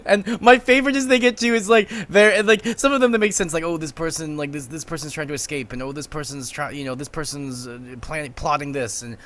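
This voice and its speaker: A man's voice: a little high, steady tone, quick pace, hardly any pauses, a bit bright. A man co-hosting a podcast, recapping a book chapter in casual chat and laughing often as he talks. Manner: giggly, laughs often while talking. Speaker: podcast co-host.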